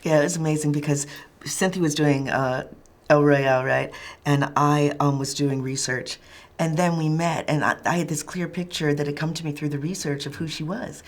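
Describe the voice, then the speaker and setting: A woman film director in a press interview, speaking reflectively and pausing often to search for words. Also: low voice, fairly even intonation.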